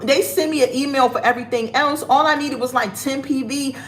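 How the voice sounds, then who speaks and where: A woman's voice: sits high, fairly quick. Chatty woman selling jewelry on a livestream. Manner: animated, chatty storytelling. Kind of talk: casual livestream chat. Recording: roomy echo, faint background noise.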